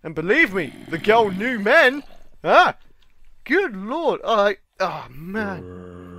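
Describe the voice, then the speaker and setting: A British man giving excitable let's-play commentary, yelling and pleading at game mobs and bantering with the creatures. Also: high-pitched, a little slow. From Britain. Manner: jokey running chatter with game creatures. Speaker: gaming channel host.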